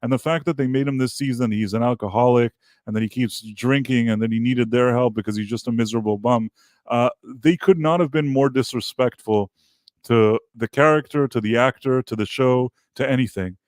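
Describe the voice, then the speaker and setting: A man's voice: medium pitch, darkish tone, no echo, studio quality. Scornful man ranting through a review. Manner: scornful, exasperated, mocking; halting, repeats words and restarts. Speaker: TV review show host.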